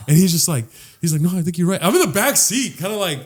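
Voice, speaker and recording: A fast-talking man with a high, animated voice co-hosts a podcast. His long story rambles along casually, loaded with swearing, plenty of "like"s, and frequent restarts.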